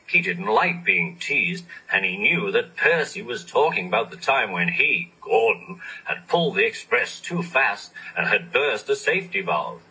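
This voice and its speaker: A man reading a children's storybook aloud, expressive and animated. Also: on the low side, unhurried, few pauses, husky, rough recording. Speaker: narrator.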